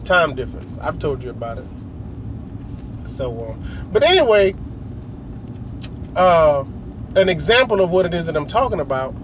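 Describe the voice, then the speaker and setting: A man's voice: a little high, big pitch swings, normal speed, pauses often, noisy background. A middle-aged man telling a long, rambling story in a casual, slangy way, often acting out other people's lines. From United States. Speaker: vlogger.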